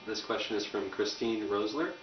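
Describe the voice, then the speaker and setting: Man with a fairly low voice, reads fan questions plainly, off-mic in an echoey room. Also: normal speed. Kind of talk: reading questions aloud. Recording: distant, roomy, dull recording with faint noise.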